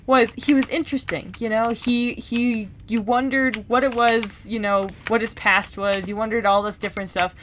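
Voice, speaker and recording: Rambling woman vlogger, chatty and animated. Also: fairly high pitch, moderate pace, slight background noise. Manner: rambling, animated, lots of fillers and repeats; gaming while talking. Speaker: book vlogger. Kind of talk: casual chat.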